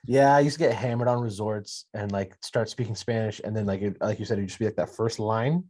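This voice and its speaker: Male co-host, low-pitched, relaxed and playful, salty language. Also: fairly quick. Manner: laid-back, swears freely, playful. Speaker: podcast co-host. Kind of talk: casual chat.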